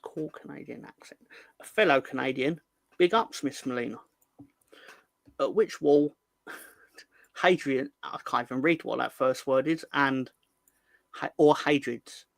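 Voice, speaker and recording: A man hosting a casual live chat, reading out viewer comments in a playful, rambling, excitable way. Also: medium pitch, a little slow, gravelly, long pauses, dry recording. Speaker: host.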